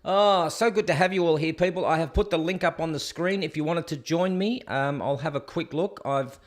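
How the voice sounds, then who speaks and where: A man's voice: on the high side, a little fast. A man hosting a live stream show. He rants with sarcasm and talks straight to his viewers. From Australia. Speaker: host. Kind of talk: opinionated live-stream commentary.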